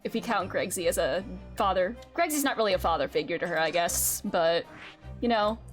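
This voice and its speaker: A young woman streaming a game, chatting casually in an excitable way, with swearing and frequent laughter. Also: lowish voice, fairly quick, soft background music.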